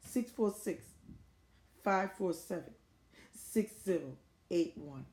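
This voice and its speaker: A woman's voice: lowish voice, animated, slow pace, darkish tone. A distressed middle-aged American woman making an urgent, repetitive appeal straight to camera as a grieving mother. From United States. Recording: roomy echo.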